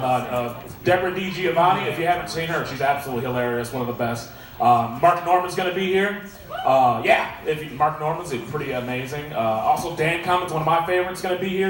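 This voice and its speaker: A sarcastic man in his thirties works a stand-up set, punchy and conversational, with a fairly high voice. The room is roomy and echoey, heard from a distance, with a lively crowd and steady noise behind him. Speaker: stand-up comedian and emcee. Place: indoor comedy club.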